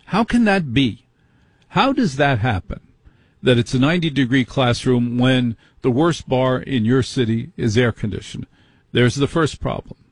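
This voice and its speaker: A man's voice: medium pitch, expressive, moderate pace, slightly rough, no room sound. A middle-aged man hosting a talk radio show, ranting with indignant rhetorical questions.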